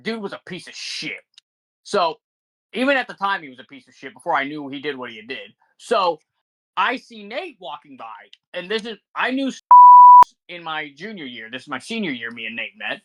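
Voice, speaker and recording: A man's voice: a little high, very animated, moderate pace, bright, forceful tone. A man in his twenties, a podcast co-host, telling a story in casual chat with a rambling, profane manner.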